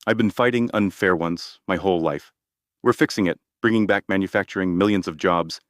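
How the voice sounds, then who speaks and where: A man's voice: low-pitched, fairly quick, no echo, studio quality, natural voice. A man reading the lines of a blunt, boastful older male president, in a direct manner full of superlatives. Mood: insistent.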